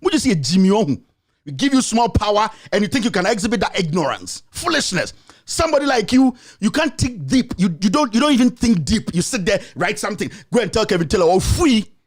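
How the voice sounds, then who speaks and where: A Ghanaian man hosts his own commentary show and delivers a furious political rant. His voice sits unusually high for a man. He scolds and insults, repeating the same jabs over and over. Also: sing-song, brisk.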